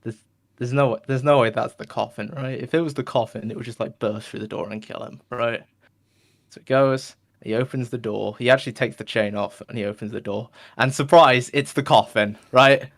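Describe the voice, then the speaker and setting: A man with a gravelly, creaky voice at an ordinary pitch tells a long shaggy-dog joke on a podcast. He rambles, keeps asking "right?", and makes whooshing noises for the story. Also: a little fast. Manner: tags lines with "right?", restarts often, makes whooshing sound effects.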